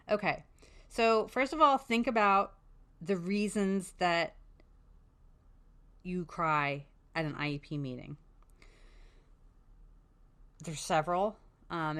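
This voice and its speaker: A woman's voice: on the low side, a bit bright. Frank, chatty woman advocate. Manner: frank and chatty, with swearing and many "um"s. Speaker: special education advocate, podcast host. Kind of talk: casual advice talk.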